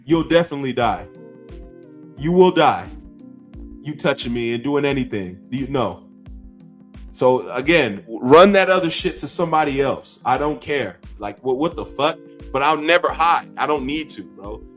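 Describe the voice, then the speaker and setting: A man's voice: medium pitch, expressive, moderate pace, a bit bright, faint music behind. A man in his fifties, a gaming YouTuber, ranting to camera with profanity and scornful laughter. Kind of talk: heated rant to camera.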